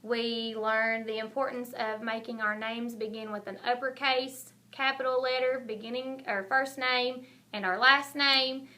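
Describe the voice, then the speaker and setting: A woman teaching a recorded lesson to kindergarten children, speaking slowly and clearly. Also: on the high side, fairly even intonation, sharp tone. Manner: slow, clear, encouraging teacher talk.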